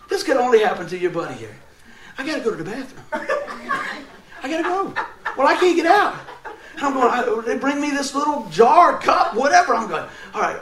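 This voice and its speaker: A high-voiced pastor delivers a sermon in a room with plenty of echo. Telling an amusing story from his own life, he stays animated and keeps breaking into laughter.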